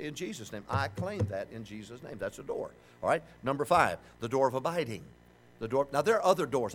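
An older man preaching a folksy, humorous sermon and shouting for emphasis. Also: medium pitch. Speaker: pastor.

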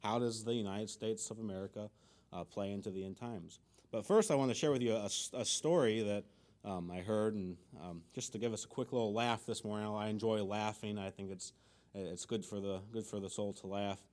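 A man leads a church Bible lesson in a plain, folksy manner, often circling back and restarting his sentences. His voice sits on the low side. He moves easily from casual teaching into prayer and scripture reading. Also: a little fast, a little mellow. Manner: folksy, conversational, many restarts.

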